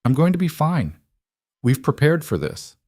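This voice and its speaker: A man's voice: fairly high pitch, sing-song, normal speed, a little mellow, no echo, pitched above the performer's own voice. A frightened but brave young woman speaks in a raised, thin register, voiced by a male narrator. She sounds anxious yet wry. The recording is dry and close. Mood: scared, wry.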